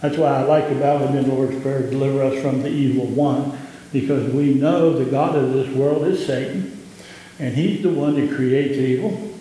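A man with a Southern US accent, a pastor giving an impassioned sermon that rises in pitch on key points. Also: fairly even intonation, moderate pace, warm tone. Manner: impassioned preaching, rising in pitch on emphasis. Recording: echoey hall with long reverb.

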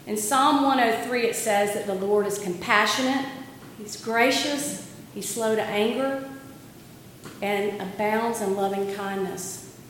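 A woman preaching a sermon, retelling a story slowly and deliberately with dramatic emphasis. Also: medium pitch, a little hiss or hum. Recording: echoey hall, long reverb, faint ambience.

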